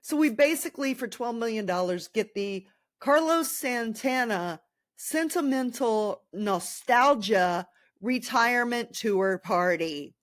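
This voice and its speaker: A woman's voice: on the high side, animated, slow pace, no room sound. A young woman hosting a casual sports podcast, venting sarcastically about her team with crude jokes. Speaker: podcast host.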